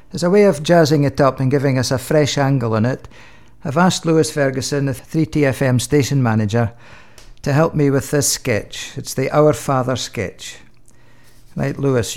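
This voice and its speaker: A man's voice: medium pitch, a little mellow. Man giving a playful religious talk. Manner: friendly, playful. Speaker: religious presenter.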